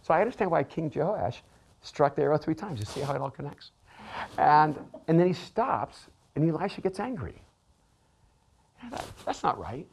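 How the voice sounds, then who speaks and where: A middle-aged man, a pastor and author, telling a personal story in an animated way, often laughing and repeating words. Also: fairly high pitch, moderate pace, vocal fry, a little hiss or hum. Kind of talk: storytelling talk.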